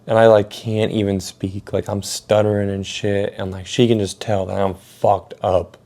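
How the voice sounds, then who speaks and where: A man's voice: lowish voice, little pitch movement, moderate pace, few pauses, warm tone. Rambling, cursing young man telling a story. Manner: rambling, swears a lot, heavy filler words. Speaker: storytelling vlogger. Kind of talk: casual storytelling.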